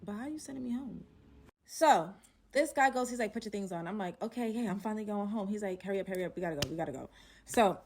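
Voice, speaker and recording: Animated woman telling a wild story. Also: mid-range voice, fast talker. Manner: animated, acts out quotes, slangy. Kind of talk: casual storytime.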